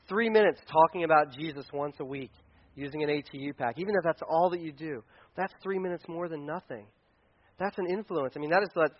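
A man preaching a casual, joking sermon to parents, acting out little scenes in funny voices. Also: on the high side. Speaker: pastor speaking to parents. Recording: dull lo-fi sound.

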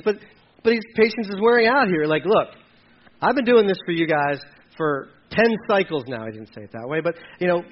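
A man's voice: high-pitched, lo-fi sound. A man teaching a sermon in a conversational way, reading scripture aloud between plain explanations with fillers and restarts. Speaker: preacher.

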